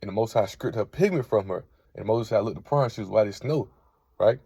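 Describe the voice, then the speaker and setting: Brisk and husky, a Bible teacher with a lowish, dark voice and vocal fry reads verses aloud in a casual lesson. He peppers nearly every point with "right?", and the audio has no room sound.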